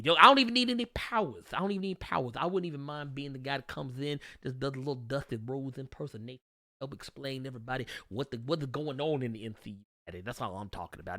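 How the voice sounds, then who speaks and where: Guy hosting a comics stream, super bright voice, dry close sound, jokey and laughing a lot. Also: mid-range voice, expressive, quick pace, dry recording. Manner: jokey, bursts into loud laughter. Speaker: comics livestream host. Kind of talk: casual chat answering viewer questions.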